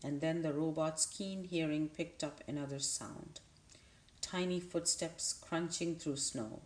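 A woman narrating a children's novel aloud in a measured, unhurried way, with a few small restarts. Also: sits low, reverberant. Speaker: audiobook narrator. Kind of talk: storybook read-aloud.

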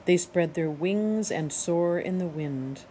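A woman voicing a patient female robot mother, speaking in a measured, instructive way. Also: fairly low pitch, dark tone, slight background noise, low-quality recording. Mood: calm.

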